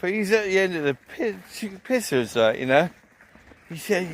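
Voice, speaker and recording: A man's voice: high-pitched, animated, normal speed. A man vlogging a casual, rambling festival review, swearing often and telling a story full of fillers.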